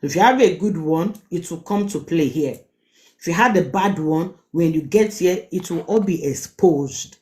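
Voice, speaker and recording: A woman's voice: lowish voice, lively intonation, moderate pace, a little mellow. A middle-aged woman with a Nigerian accent, hosting a live-stream relationship advice talk; she speaks emphatically, repeats words and asks rhetorical questions. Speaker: host giving relationship advice.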